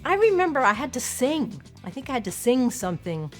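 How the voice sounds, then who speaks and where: Her high-pitched voice swings widely in pitch and moves fairly quickly over soft background music. An actress from Long Island, New York, she speaks on a close mic in a casual, conversational interview, candid and self-deprecating.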